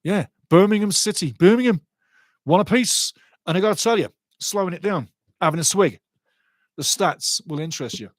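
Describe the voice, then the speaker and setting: A man's voice: high voice, animated, normal speed, long pauses, dry recording. A man hosting a live football watch-along, chatting through scores and match statistics. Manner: chatty, reads out scores and stats.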